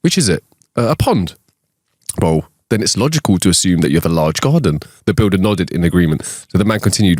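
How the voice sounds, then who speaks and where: A man's voice: deep voice, brisk, dry recording, studio quality. A man co-hosting a podcast, reading jokes aloud in a casual chat and laughing at the punchlines. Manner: animated joke telling, laughs at punchlines. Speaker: podcast co-host.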